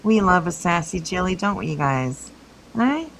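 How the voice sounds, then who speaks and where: Woman streamer, gravelly low voice, chatty, calls everyone sweetheart. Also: sing-song, normal speed, over a noisy crowd, poor audio. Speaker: livestream host. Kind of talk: casual livestream chat.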